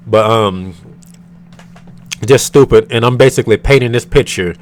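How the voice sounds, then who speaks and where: A man from the United States vents to his camera in a storytime rant. He talks in an irritated and profane way, rambling and full of fillers. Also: fairly low pitch. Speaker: vlogger.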